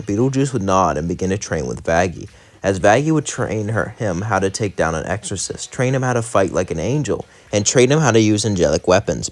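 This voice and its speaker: A young man, the host of his channel, telling a fan-made story in a loose, run-on way, stringing events together with "as" and "would say". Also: on the low side. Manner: loose run-on narration, many "as" and "would say" links; chatty and rambling in the outro, many fillers. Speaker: channel narrator. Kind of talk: casual fan-fiction storytelling.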